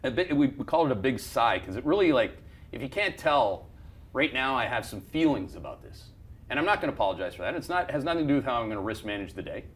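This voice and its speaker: A man's voice: medium pitch, big pitch swings, fast talker. A man hosting a market commentary show, talking bluntly and heatedly, swearing and restarting his sentences as he rants through charts. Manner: fired-up, blunt ranting with profanity and repeated restarts. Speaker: investment firm CEO hosting a market show.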